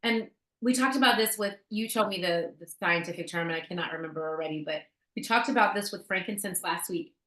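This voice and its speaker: A woman co-hosting a casual talk show shares essential oil tips, telling a story in a chatty way with fillers and restarts. Her voice is on the low side and fairly bright, a little fast with hardly any pauses, and the recording has a roomy echo.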